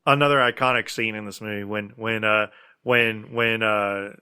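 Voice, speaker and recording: A man's voice: lowish voice, steady tone, moderate pace, sharp tone, smooth. A man co-hosting a casual movie podcast, talking with enthusiasm and many fillers while reading out trivia. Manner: enthusiastic, filler-heavy, reads trivia aloud. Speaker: podcast co-host.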